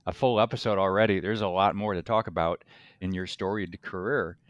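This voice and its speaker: A man's voice: low voice, fairly even intonation, a little fast, clear, resonant tone, no room sound, muffled recording. A man co-hosting a podcast for lawyers, asking long, rambling questions in a conversational way. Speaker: podcast co-host. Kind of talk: interview hosting.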